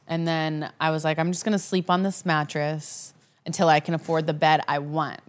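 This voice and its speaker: A woman vlogger candidly telling her personal story in a frank, conversational way, speaking from her apartment living room. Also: low-pitched. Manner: frank and conversational, with frequent "like" and "you know".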